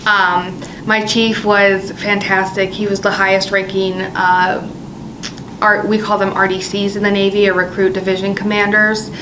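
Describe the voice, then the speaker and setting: A woman who served in the Navy recalling her boot camp leaders in a steady delivery. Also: medium pitch, moderate pace. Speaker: Navy veteran. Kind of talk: recorded oral history interview. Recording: audible background noise.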